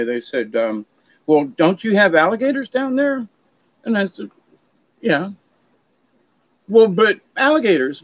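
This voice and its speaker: A middle-aged man talks in a somewhat high voice, chatting along and wandering between stories. The recording is dry and a little dull. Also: no echo. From Florida, USA. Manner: chatty storyteller, drifting off on tangents. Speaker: vlogger. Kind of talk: rambling casual monologue.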